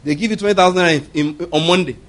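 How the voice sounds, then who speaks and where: A man's voice: high voice, very fast. A middle-aged man preaching a sermon with passion, asking the congregation rhetorical questions and breaking into laughter. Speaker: pastor.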